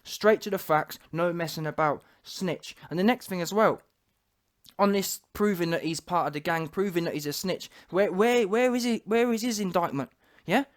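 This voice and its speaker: Emphatic man, high voice. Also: moderate pace. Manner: emphatic, repeats rhetorical questions. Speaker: commentary channel host. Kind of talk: talking-head commentary.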